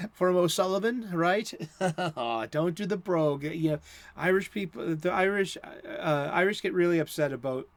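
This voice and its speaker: A man's voice: a little high, normal speed, no room sound. A middle-aged American man hosting a casual chat, rambling with many fillers and restarts. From United States. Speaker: host.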